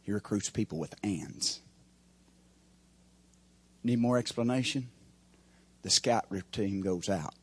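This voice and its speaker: A man preaching a sermon as pastor, with folksy grammar, swinging from shouted peaks to hushed, quiet lines. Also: lowish voice, expressive, slow, pauses often, husky.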